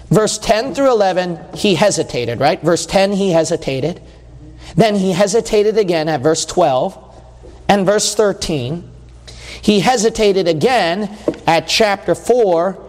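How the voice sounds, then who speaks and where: A man with a high voice preaches a sermon with long reverb trailing each phrase. He sounds emphatic and conversational, hammering his points home through repetition. The sound carries like a church sanctuary.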